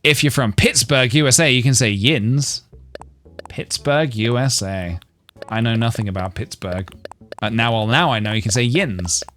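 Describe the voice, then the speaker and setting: A man's voice: mid-range voice, normal speed, fairly bright tone, soft background music. Chatty English man musing aloud. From England. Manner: musing and chatty, trails off and restarts, laughs to himself. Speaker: live streamer. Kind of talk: casual live-stream chat, reading posts aloud.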